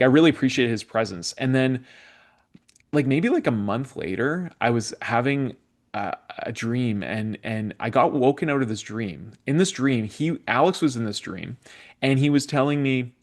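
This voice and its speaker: A young adult man from Canada hosting a spiritual podcast, telling stories in a casual, rambling way with many fillers and restarts. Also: medium pitch. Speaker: podcast host. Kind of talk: casual conversational interview.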